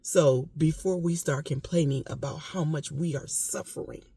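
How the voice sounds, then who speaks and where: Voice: mid-range voice, steady tone, normal speed, vocal fry, dark tone, slightly rough, no room sound. A vlogger giving impassioned casual commentary, emphatic and repetitive, with occasional coughing. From United States.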